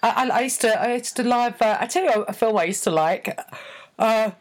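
A woman's voice: on the high side, fairly quick. A woman co-hosting a podcast, chatting casually and self-deprecatingly, often restarting her sentences. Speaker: podcast co-host. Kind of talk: casual chat.

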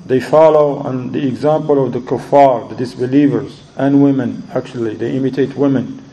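A man lectures on religion in a steady, warm, medium-pitched voice at normal speed, weaving in stories and questioning his listeners. He repeats words often as he searches for them, and the recording quality is low.

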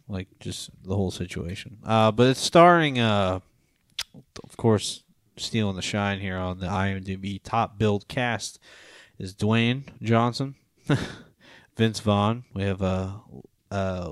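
A man in his thirties hosts a relaxed movie podcast, joking around and trailing off into fillers. His voice sits on the low side. The sound is dry and close. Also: dry recording. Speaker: podcast host. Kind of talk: casual movie podcast chat.

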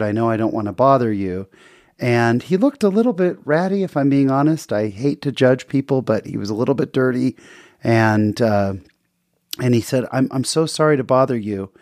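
A man's voice: mid-range voice, a little mellow, no room sound. Guy telling a story about his night, earnest, chatty, trips over words a bit, dry recording. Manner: earnest, conversational, with small restarts. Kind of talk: casual personal storytelling. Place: hotel near San Diego, in the story.

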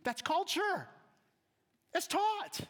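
A man giving a humorous storytelling talk to an audience, acting out the voices of people in his stories and swinging between quiet asides and loud emphasis. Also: very high-pitched, extremely slow. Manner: animated, acts out quoted voices, shifts between soft asides and loud emphasis. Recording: long hall reverb.

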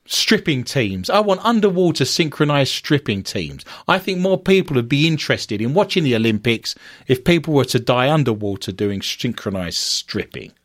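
Lively, animated man with sarcastic asides. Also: medium pitch, moderate pace, dry recording, clean studio sound. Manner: sarcastic asides between read-out stories. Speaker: co-host. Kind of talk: comedic news-reading chat.

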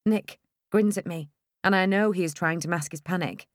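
A woman's voice: on the low side, normal speed, no echo. Woman narrating an audiobook, dry and close. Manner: wry, expressive storytelling. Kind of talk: first-person audiobook narration.

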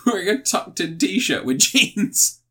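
A man's voice: high-pitched, expressive, measured pace, bright, forceful tone, slightly rough. A man, co-hosting a casual podcast chat, laughing often and swearing freely. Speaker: podcast co-host.

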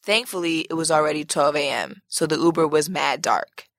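A woman's voice: low voice, moderate pace, a bit bright, dry recording, studio quality. A woman podcast host reading a listener's letter aloud as a brash, profane, sassy story.

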